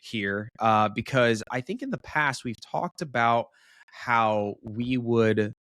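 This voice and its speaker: A man's voice: medium pitch, slow, fairly bright tone, no echo, clean studio sound. A man in his thirties co-hosting a casual dad podcast over a remote call, rambling with lots of fillers and frequent laughs. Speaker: podcast co-host. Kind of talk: casual chat. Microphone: remote call over home internet.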